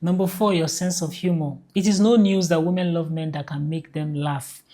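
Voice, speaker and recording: A woman's voice: fairly low pitch, fairly even intonation, moderate pace, warm tone. A woman giving casual dating advice straight to the viewer in a direct, conversational way. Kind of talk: casual advice talk to camera.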